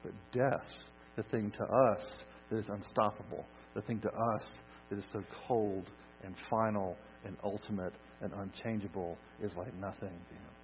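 A man preaching a sermon, swinging from loud emphasis to soft, hushed lines. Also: lowish voice, fairly even intonation, normal speed. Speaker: pastor. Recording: dull lo-fi recording with mains hum.

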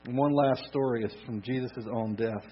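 A man preaching a sermon, swinging from loud emphasis to soft, hushed lines. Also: mid-range voice, moderate pace, husky. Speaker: pastor. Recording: dull lo-fi recording with mains hum.

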